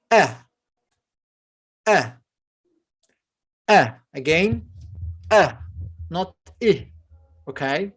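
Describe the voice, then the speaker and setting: In an online English pronunciation lesson, a native Arabic speaker with an Egyptian Arabic accent stretches out model words slowly amid fillers. Her pitch is fairly low and her intonation lively.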